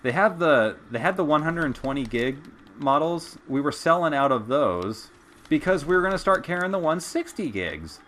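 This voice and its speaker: A man's voice: a little high, expressive, moderate pace, fairly bright tone, slight background noise. A young man streaming a game, chatting casually and telling stories with loose swearing. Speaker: gameplay streamer. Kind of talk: casual storytelling while gaming.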